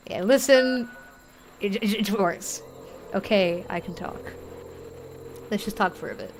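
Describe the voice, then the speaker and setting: A woman's voice: medium pitch, fairly even intonation, measured pace, noisy background. Chatty woman streamer thinking aloud. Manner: chatty, rambling, thinks aloud, reads game text aloud; emotional, easily moved. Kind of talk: live gameplay commentary.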